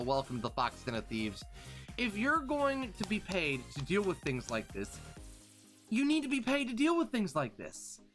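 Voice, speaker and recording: Man, live streamer, casual rambling storytelling, faint music underneath. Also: on the high side. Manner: animated, rambling, full of restarts and fillers.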